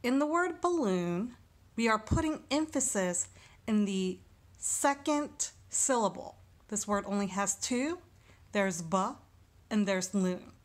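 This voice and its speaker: Sounding out syllables one by one, a woman teaches a recorded lesson at a slow, deliberate pace. Her voice is medium in pitch and animated.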